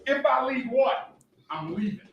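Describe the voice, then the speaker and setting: A man's voice: a little high, animated, moderate pace, distant mic, dull audio, soft background music, lightly acted. An actor playing an urgent young activist husband in a drama clip, insisting he must leave. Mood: firm. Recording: echoey room with background noise.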